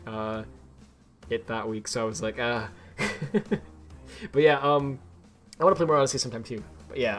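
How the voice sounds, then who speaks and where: Talking to his viewers during a casual game livestream, a young man rambles, restarts and fills gaps, laughing quickly and often. His mid-range voice sounds a bit bright.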